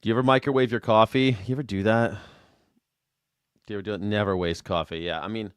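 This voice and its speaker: A man hosting a live call-in show, rambling and excitable, swearing freely as he talks. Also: on the low side, quick pace, clean tone, no room sound, clean studio sound. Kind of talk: casual call-in chat.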